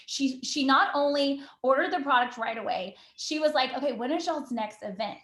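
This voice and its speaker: A woman giving an enthusiastic motivational talk on a team call, bubbly and quick, full of "you know" and "literally". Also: high voice, fairly bright tone, roomy sound. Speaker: team call guest speaker.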